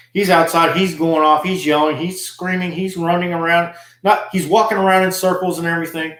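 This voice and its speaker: A man's voice: a little high, roomy sound. A man who served in the army, telling a story in an aggrieved, emphatic monologue. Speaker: army veteran vlogger. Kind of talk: casual monologue.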